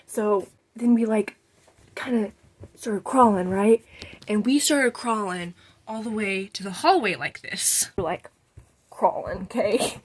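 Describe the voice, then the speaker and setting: A young adult woman telling a story casually in an animated way, acting out the scenes and saying "like" often. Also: medium pitch, a little slow, breathy edge.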